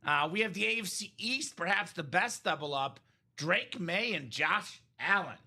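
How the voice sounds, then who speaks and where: A man's voice: high voice, animated, moderate pace, sharp tone. A man hosting a live sports memorabilia break, chatting energetically and rambling through values and asides. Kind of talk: live-stream sales chat.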